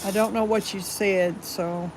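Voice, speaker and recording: A woman's voice: mid-range voice, steady tone, measured pace, a little hiss or hum, rough recording. A woman with a Southern US accent hosting a casual livestream, chatty and rambling but firm about rude viewers. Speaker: livestream host. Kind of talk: casual live chat.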